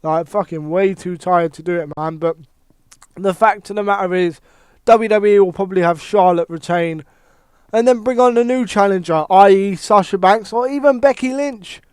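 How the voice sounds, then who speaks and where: A man rants about wrestling in a casual, animated way, swearing freely and correcting himself mid-sentence. His voice is high and smooth. The recording is very dry and close. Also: moderate pace, dry recording. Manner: animated, heavy swearing, thinks aloud with restarts. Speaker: wrestling commentator. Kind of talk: casual wrestling opinion monologue.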